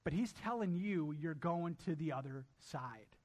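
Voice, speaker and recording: A man's voice: fairly high pitch, expressive, unhurried, darkish tone. A male pastor preaching a sermon emphatically, repeating key lines and addressing his congregation directly.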